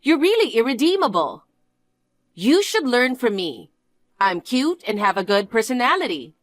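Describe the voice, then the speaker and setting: A spoiled, husband-stealing young niece, as a woman puts her on, sneering and sing-song as she taunts. Her voice sits high and swings widely in pitch, and she often draws her words out slowly. It is recorded close and dry, with no room sound. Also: sing-song, no echo. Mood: taunting. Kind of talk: scripted dialogue drama.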